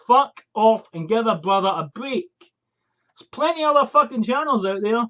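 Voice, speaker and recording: In a small attic room, a young man vlogs into a USB desk mic, ranting and swearing in exasperation before reviewing a fragrance. His voice is high-pitched, animated and fairly bright, at normal speed.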